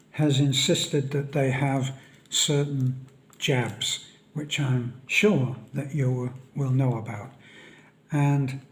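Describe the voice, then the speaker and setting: A man speaking a solemn, halting vlog monologue on a death in a friend's family. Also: mid-range voice, a little mellow. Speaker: vlogger. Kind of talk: reflective monologue.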